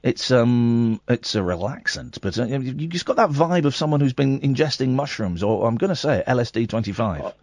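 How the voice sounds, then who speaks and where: A male radio phone-in host, quick-witted and sarcastic, teasing callers and reading aloud in a mock-serious tone. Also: mid-range voice, expressive, darkish tone, no room sound. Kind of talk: late-night radio phone-in.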